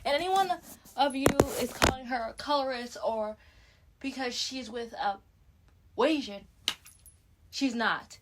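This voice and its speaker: A woman's voice: on the high side, steady tone, takes it slowly, long pauses, very noisy. A young woman with a Canadian accent recapping a reality show, talking straight to her viewers with blunt opinions. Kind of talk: casual chat.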